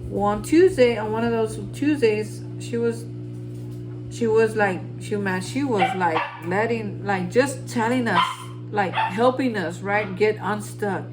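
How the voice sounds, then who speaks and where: A man giving a heartfelt daily reflection to viewers, rambling with restarts and ending in earnest, hushed encouragement. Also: high-pitched, a little slow, over music, poor audio. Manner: rambling, repeats and restarts, addresses viewers as folks. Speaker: recovery vlogger.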